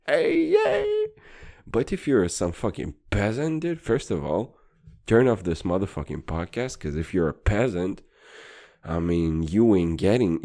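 A man's voice: low-pitched, mellow. A man hosting a podcast, rambling through a crude, profane, boastful comedy rant. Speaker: podcast host.

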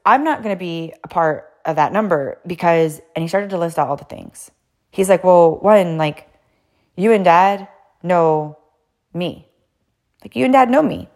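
Lively, blunt woman with a low voice. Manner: blunt and animated, swears casually, acts out quotes; frequent "like" fillers, digresses. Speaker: podcast host and coach. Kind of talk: casual storytelling monologue.

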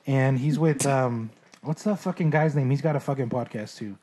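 A man's voice: medium pitch, moderate pace, dark tone, breathy edge. A young man, telling stories in loose, profane casual chat.

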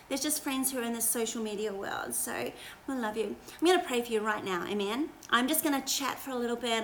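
Woman pastor chatting on a livestream, kinda high voice, gentle and encouraging, bit of hiss behind. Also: low-quality recording. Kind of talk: informal devotional livestream talk.

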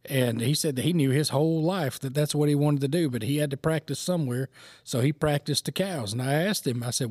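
A man's voice: a little high, brisk, a little mellow, no room sound, studio quality. A man co-hosting a casual podcast and telling easygoing anecdotes. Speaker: podcast co-host.

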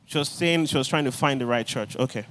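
With a mid-range voice and a fast delivery, a man preaches a sermon, animatedly telling stories and acting out the voices of their characters. There's a slight hiss or hum in the recording.

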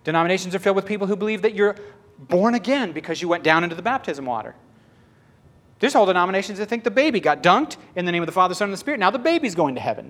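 A man's voice: high voice, a bit bright. A man preaching a sermon in a conversational, emphatic way.

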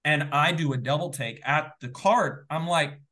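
A fairly high-voiced man retells an exciting moment as a guest in a casual interview. He talks in an excitable, animated rush, stacking up fillers and little asides as he goes. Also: moderate pace. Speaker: guest, former game show contestant.

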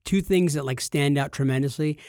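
Male co-host, fairly high voice, excitable and giggly, dry close recording. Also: a little fast, clear, resonant tone, no room sound. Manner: excitable, laughs often, stumbles over names. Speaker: podcast co-host. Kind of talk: casual chat.

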